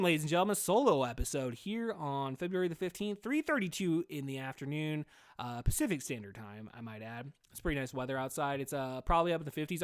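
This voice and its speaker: A man's voice: a little high, fairly bright tone. A man hosting a solo podcast in a rambling, casual monologue, swearing constantly and saying "dude" a lot. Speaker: podcast host.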